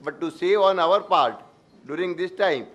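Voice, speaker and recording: Male event moderator, slightly high voice, hesitant delivery. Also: measured pace, fairly bright tone, dull audio. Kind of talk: closing announcements.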